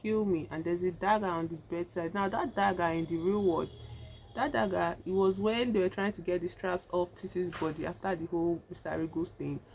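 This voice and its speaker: A woman's voice: fairly low pitch, steady tone, a little fast, darkish tone, slight background noise. A woman vlogger chatting casually in a rambling way, full of fillers, while she does her makeup. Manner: chatty, rambling, heavy use of "like" and "you know". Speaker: vlogger reviewing a horror film. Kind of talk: casual chat.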